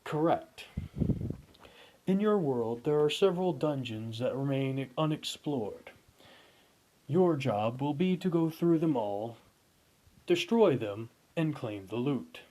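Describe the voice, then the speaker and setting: A man's voice: mid-range voice, lively intonation, slow, long pauses, dark tone. A man voicing a glowing energy orb that hands out quests and speaks in a formal, announcing way.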